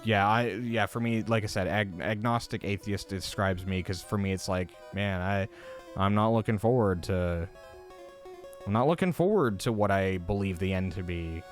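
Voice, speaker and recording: A man with a lowish voice chatting casually on a live stream. He rambles and swears freely, jumping between thoughts with lots of fillers. His delivery turns animated when he gets worked up. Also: moderate pace, soft background music. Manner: rambling, profane, animated rants. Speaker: livestream host. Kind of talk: casual livestream chat.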